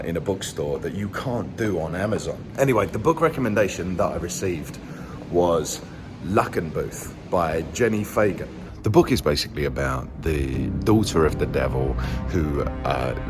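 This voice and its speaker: A man narrating a book travel vlog outdoors in a city, chatty and playful. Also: deep voice. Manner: chatty, playful, enthusiastic storyteller. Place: outdoors in a quiet city street at dawn.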